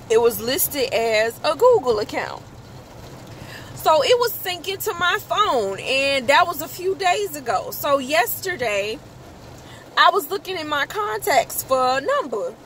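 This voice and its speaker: A woman vlogger telling a personal story in a casual, animated way, cursing freely and acting out her own outbursts. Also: very high-pitched, a little hiss or hum, low-quality recording. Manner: animated, profane, exclaims in quoted outbursts.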